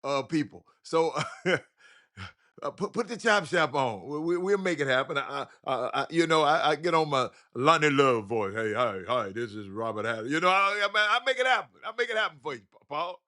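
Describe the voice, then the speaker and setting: A man's voice: on the high side, expressive, moderate pace, pushed and bright. A man with a drawl hosts a loose sports talk show. He rambles from topic to topic, stumbles over his own words and repeats phrases. He keeps calling out to his listeners as y'all. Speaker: host of a sports call-in show.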